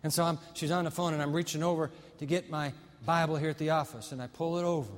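A male pastor preaching a sermon, telling a story dramatically and slowing down on key words for emphasis. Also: a little high, steady tone, long reverb tail.

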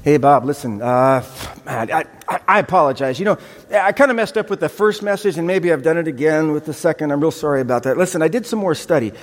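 A man's voice: a little high, quick pace, close to an everyday voice. A man acting out an overeager male neighbor who pleads at the door and stammers through apologies. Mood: pleading. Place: church sanctuary. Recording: reverberant hall.

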